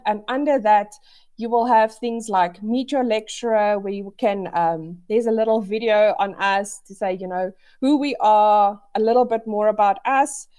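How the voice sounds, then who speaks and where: A woman talks through a webinar over a video call. Her voice sits a little high, and her delivery is chatty and upbeat, full of fillers and quick restarts. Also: darkish tone. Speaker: education webinar presenter. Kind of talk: casual presentation to an online audience.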